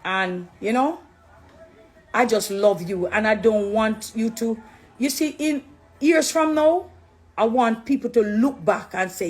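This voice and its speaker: A dancehall artist turned Christian, this middle-aged Jamaican woman speaks straight to her live-video audience in a warm, sermonizing way, shifting between English and patois. Her voice is a little high and she doesn't hurry.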